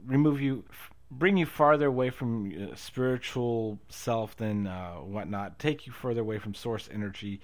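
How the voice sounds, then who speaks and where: A man in a casual conversation who reasons out loud, with frequent restarts and laughter. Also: medium pitch, moderate pace. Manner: thinks aloud with many fillers and restarts, laughs often.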